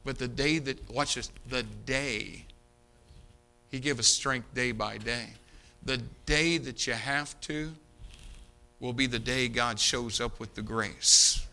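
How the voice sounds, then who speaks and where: A male preacher telling a story in a sermon, emphatic and dramatic, dropping to a hush in prayer. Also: mid-range voice, slow pace, creaky.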